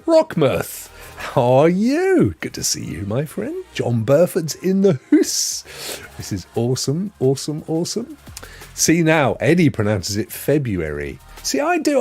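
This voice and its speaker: A man's voice: medium pitch, a little mellow, husky. A man hosting a live gaming stream, chatting casually and jokily and greeting viewers by name. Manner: jokey, rambling, greets chat viewers by name.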